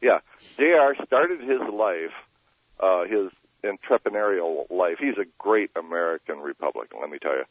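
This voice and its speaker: A man's voice: low voice, lively intonation, normal speed, no room sound. An older man calling into a radio show, chatty and jumping between topics, laughing often. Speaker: caller. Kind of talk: call-in phone conversation. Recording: tinny phone line over radio.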